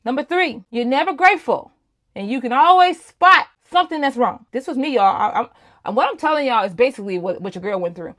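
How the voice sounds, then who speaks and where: A woman's voice: high-pitched, lively intonation, brisk, fairly bright tone. A woman in her thirties giving a candid, personal faith talk to other women, speaking casually and addressing listeners as y'all. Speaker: host.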